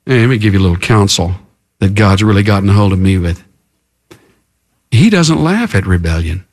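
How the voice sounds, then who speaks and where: A man's voice: on the low side, expressive, fairly quick. A male preacher giving a sermon in an emphatic, dramatic way. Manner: emphatic and dramatic, acts out the characters.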